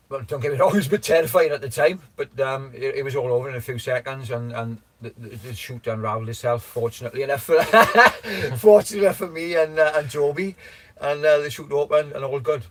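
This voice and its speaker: A man hosting a casual livestream chat, rambling with lots of restarts, laughing and swearing as he talks. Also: medium pitch. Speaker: livestream host.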